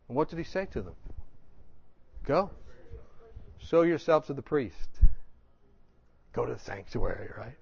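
A male pastor telling humorous stories in a sermon, animated and laughing often. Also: fairly high pitch, muffled recording. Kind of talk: storytelling sermon.

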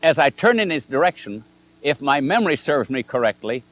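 A man's voice: mid-range voice, big pitch swings, fairly quick, a bit bright. A man preaching a sermon, telling a story and acting out the dialogue with shifting emphasis. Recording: dull lo-fi archival recording with mains hum.

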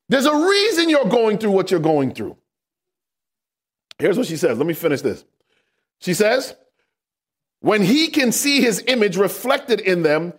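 Male preacher, high tenor, very lively delivery, call-and-response sermon, bursts into shouts. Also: slightly rough. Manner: rises to shouts for emphasis.

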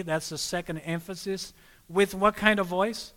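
Male preacher, high and bright, call-and-response sermon style. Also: little pitch movement, moderate pace, long reverb tail. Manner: prompts listeners to fill in words, calls them friends.

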